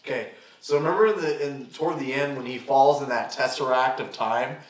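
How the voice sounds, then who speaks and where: A young man, a podcast guest, telling a story in casual chat, animated and swearing freely as he acts out what people said. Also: medium pitch, fairly quick. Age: young adult. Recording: roomy, distant mic.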